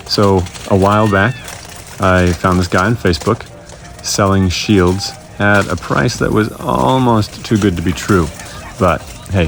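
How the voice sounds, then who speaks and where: Male vlog host, deep voice, dry self-deprecating jokes, faint music underneath. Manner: wry, self-mocking humor. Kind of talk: casual scripted vlog narration.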